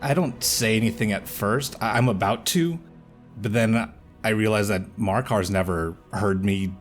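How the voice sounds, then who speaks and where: Male player, thoughtful and hesitant, light music in background. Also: lowish voice. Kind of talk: tabletop role-play.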